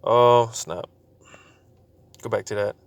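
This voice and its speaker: A man's voice: lowish voice, fairly even intonation, slow, gravelly, clean tone, no echo. A man giving a casual preaching talk to his channel, loose and informal, full of fillers and repeated words. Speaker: religious video host.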